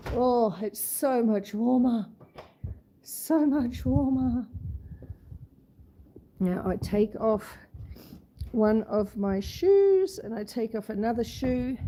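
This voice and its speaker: Extremely slow with long pauses, a woman with a fairly high, expressive, warm voice chats to viewers on her homestead vlog. She walks from the freezing fog outside into her house, cooing at her pets along the way, with a slight hiss or hum audible.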